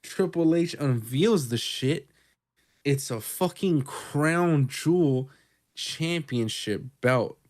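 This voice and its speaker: Male co-host, casual recap chat, swears often, rambles with excitement. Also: a little high, takes it slowly. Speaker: podcast co-host.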